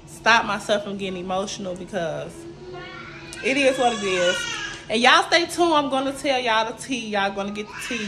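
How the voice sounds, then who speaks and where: A woman speaks in a mid-range, slightly bright voice. She's a tired, emotional vlogger casually showing off her new apartment and the building's indoor common areas by phone camera, talking directly to viewers and repeatedly saying "y'all."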